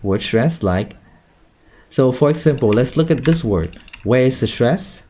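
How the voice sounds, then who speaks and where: A man's voice: mid-range voice, lively intonation, measured pace, dark tone, slight background noise. A male English teacher, teaching an online class over a video call and checking in with "okay?" and "right?" all the time. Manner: questioning, repeats "okay?" and "right?".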